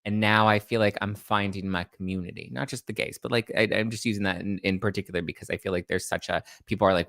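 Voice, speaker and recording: A man's voice: lowish voice, steady tone, fast, gravelly, hardly any pauses, fairly bright tone, no room sound, clean studio sound. A man hosting a casual livestream, chatting and answering viewer comments aloud. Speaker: host. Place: Los Angeles.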